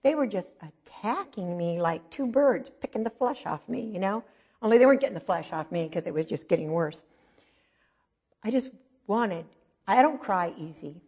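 A middle-aged woman preaches, sharing a personal testimony in an earnest storytelling style that swings between soft and emphatic. Her voice is on the low side and slightly rough.

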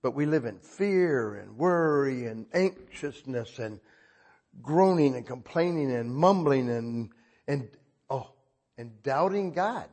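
Husky older pastor, conversational preaching. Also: male voice, medium pitch, lively intonation, slow pace, a little mellow. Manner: conversational preaching with rhetorical questions. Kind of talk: sermon.

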